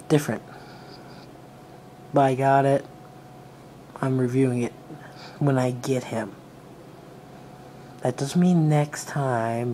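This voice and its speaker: A man's voice: fairly high pitch, dark tone, a little hiss or hum. A teenage boy casually reviewing toys, rambling and trailing off as he talks. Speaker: toy reviewer.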